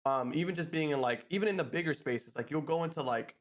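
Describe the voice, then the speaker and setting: A man co-hosting a casual podcast, telling a story in an animated way and acting out what people said. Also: a little high, quick pace. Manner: animated storyteller, acts out quotes. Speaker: podcast co-host.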